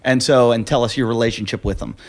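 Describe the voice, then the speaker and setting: A man's voice: mid-range voice, fast talker. Man telling a comedy-club story. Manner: animated, acts out quoted voices. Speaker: podcast host. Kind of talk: casual storytelling.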